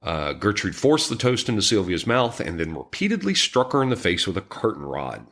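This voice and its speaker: A man with a low voice narrates a true crime case for a podcast. He speaks somberly and haltingly, pausing on ums and restarting his sentences. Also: very animated, a bit bright. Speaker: podcast co-host. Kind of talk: recounting a true crime story.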